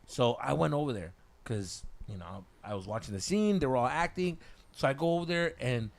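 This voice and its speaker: With a gravelly mid-range voice and a slightly fast delivery, a male podcast host launches into a casual story. He swears freely, stays animated, and sprinkles in Spanish slang.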